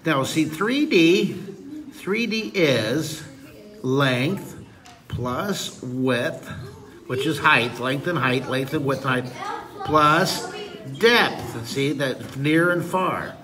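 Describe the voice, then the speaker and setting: A man's voice: fairly high pitch, lively intonation, extremely slow, bright, forceful tone, distant mic. A middle-aged man teaching a drawing lesson in a playful, goofy way, full of teasing jokes, with an audience of kids behind him. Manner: goofy, teasing, jokey asides.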